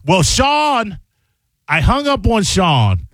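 A man's voice: high voice, wildly swooping pitch, slow, fairly bright tone, no echo, studio quality. A man hosting a radio show in casual banter, joking and laughing often. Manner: laughing, joking, talking over others. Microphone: studio microphone.

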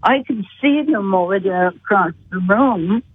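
A woman telling a long personal story in an earnest, unhurried way, heard over a telephone. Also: mid-range voice, expressive, a little hiss or hum. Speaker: guest. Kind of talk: storytelling on a call-in show. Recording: tinny phone line.

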